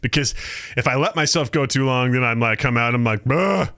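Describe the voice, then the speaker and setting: A man co-hosting a casual podcast chat, telling stories in an animated way, jumping into high-pitched voices to act out quotes and laughing often. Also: a little fast, clean tone, no echo, clean studio sound. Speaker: podcast co-host.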